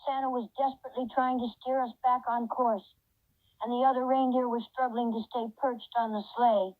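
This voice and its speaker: Rudolph, in a woman's high synthetic voice. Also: level tone, a little fast, no room sound, phone-quality sound, close to an everyday voice. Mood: storytelling. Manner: effusive, reads out its own laughter cues. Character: cheerful chatty reindeer companion. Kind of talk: AI voice chat role-play.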